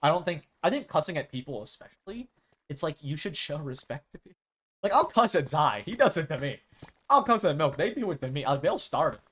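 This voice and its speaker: A man's voice: on the high side, big pitch swings, fairly quick, fairly bright tone. A man chatting casually with his stream viewers as a live streamer, rambling and acting out quoted exchanges.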